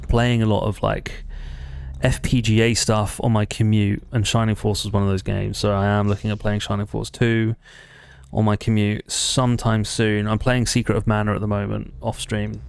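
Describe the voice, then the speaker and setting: Gravelly streamer rambling. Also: male voice, lowish voice. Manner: rambling, self-correcting. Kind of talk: casual let's-play chat.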